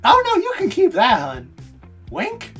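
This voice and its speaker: A man voicing a bubbly, flirty woman on roller skates, in a shrill, squealing voice. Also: wildly swooping pitch, unhurried, fairly bright tone, faint music behind, heavily acted.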